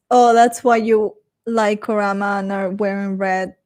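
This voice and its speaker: A woman's voice: medium pitch, steady tone, a little slow, a little mellow. A young woman streamer chatting casually with her chat and reading comments aloud, rambling, swearing now and then and slipping into Spanish.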